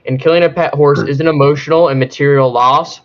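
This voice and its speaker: A man's voice: a little high, fairly even intonation, a little fast. A man defending himself in a mock trial with friends, hesitant and full of "um" and "uh" while reaching for formal phrasing. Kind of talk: casual mock-courtroom defense. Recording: slightly dull lo-fi mic.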